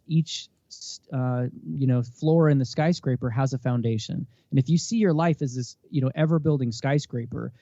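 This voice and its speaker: A man's voice: medium pitch, no room sound, muffled recording. A man in his thirties, a podcast guest telling candid stories and acting out bits of dialogue. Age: 30s. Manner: animated storytelling, acts out dialogue. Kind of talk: candid interview talk.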